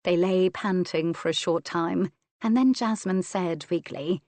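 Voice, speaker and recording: A woman narrating an audiobook of a romance novel with a slow, sensual, deliberate reading. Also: fairly low pitch, darkish tone, dry recording.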